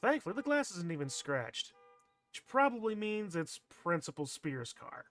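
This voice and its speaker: A male streamer reads a visual novel aloud, his voice slightly high and very animated. He mixes narration with sardonic commentary. Faint music plays in the background. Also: moderate pace.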